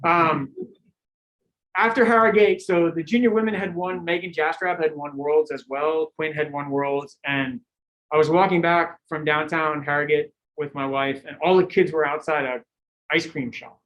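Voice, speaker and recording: A middle-aged man, a cycling coach, giving a lecture full of animated stories and acted-out quotes, laughing now and then. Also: a little high, moderate pace, highs cut off. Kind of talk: lecture with anecdotes.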